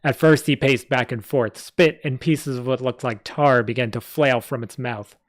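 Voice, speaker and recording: A man's voice: medium pitch, fairly even intonation, moderate pace, dry recording. Man, live story reading, plain reading voice, small slips, dry close sound. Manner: reads aloud with small slips and asides. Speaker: story reader.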